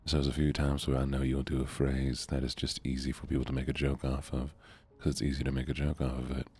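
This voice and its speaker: A man streaming a game in a soft-spoken, laid-back way, chatting with viewers and thanking them. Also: extremely low pitch, monotone, fast talker, slightly rough.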